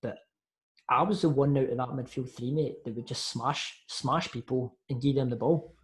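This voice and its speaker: A young Scottish man tells football stories in a casual, chatty podcast. He talks in a lively way, calls people mate and acts out what others said, at a middle pitch. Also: moderate pace. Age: young adult. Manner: lively anecdotes, says mate a lot, acts out quotes. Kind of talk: casual storytelling chat.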